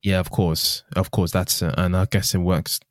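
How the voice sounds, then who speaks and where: A man's voice: deep voice, flat delivery, normal speed, no room sound, studio quality. A man hosting a casual phone interview, encouraging his guest with short affirmations and asking follow-up questions. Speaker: podcast host. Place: phone call.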